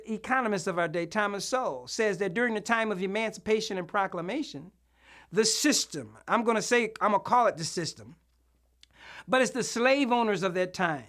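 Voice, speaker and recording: A man, a minister, giving an impassioned preacher-style speech at a political event, asking the crowd for amens and shouting his key words. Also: high voice. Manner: emphatic call-and-response, asks for amens.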